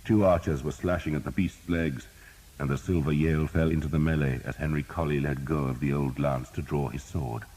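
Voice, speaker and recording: A man narrating a historical battle audiobook in steady, measured storytelling. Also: extremely low pitch, slightly rough, low-quality recording.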